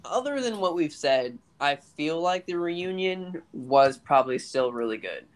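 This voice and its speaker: A young man co-hosting a casual podcast chat, talking haltingly with many restarts and stammers. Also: fairly high pitch, very animated. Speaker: podcast co-host.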